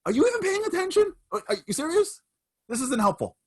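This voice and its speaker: A man's voice: high-pitched, a little fast, mellow, husky, pitched above the performer's own voice. A man voicing a distraught middle-aged businessman near bankruptcy, bursting out in disbelief. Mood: exasperated. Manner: exasperated, incredulous outbursts.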